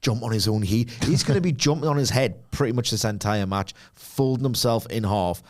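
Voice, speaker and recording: Chatty man on a podcast. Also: mid-range voice. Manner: rambling, jokey, quick asides and laughs. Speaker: podcast co-host. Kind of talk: casual chat.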